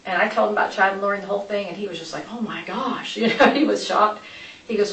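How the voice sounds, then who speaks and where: A woman's voice: mid-range voice, fast talker, gravelly, fairly bright tone. A woman recounting events to police, chatty and rambling, often switching course mid-story. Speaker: interviewee. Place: interview room. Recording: echoey room, distant mic, light noise.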